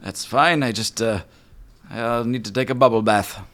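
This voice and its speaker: A man's voice: medium pitch, normal speed, a bit bright, voice pushed up, lightly acted. A man voicing a dramatic, exhausted genie in a tabletop game. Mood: fussy, weary. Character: weary, sweaty genie spirit, fussy and dramatic.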